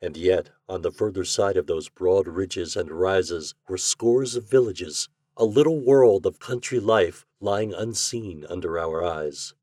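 A man narrating a classic short story as podcast host, measured and even in his storytelling. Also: low-pitched, no room sound, studio quality.

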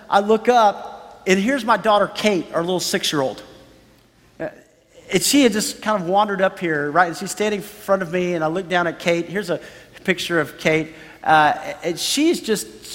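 A man's voice: high voice, fairly bright tone. Man, pastor, earnest sermon, repeats for emphasis, long hall reverb. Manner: earnest storytelling, emphatic repetition.

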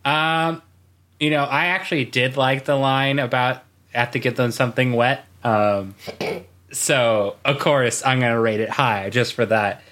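A man's voice: medium pitch, fairly even intonation, a little slow, fairly bright tone. A man co-hosting a podcast in casual chat, rambling and laughing at his own jokes. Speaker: podcast co-host.

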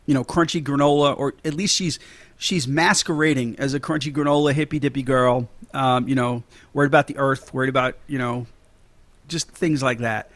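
A man's voice: mid-range voice, steady tone, fairly quick, fairly bright tone, no room sound. A man hosting a casual movie podcast, chatty and laughing often, with many fillers and restarts. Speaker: podcast host.

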